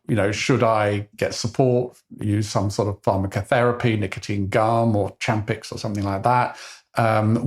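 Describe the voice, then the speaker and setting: Hesitant older Southern English man. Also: on the low side. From England. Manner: hesitant, many ums and restarts. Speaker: podcast co-host, behaviour scientist. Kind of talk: casual conversational podcast.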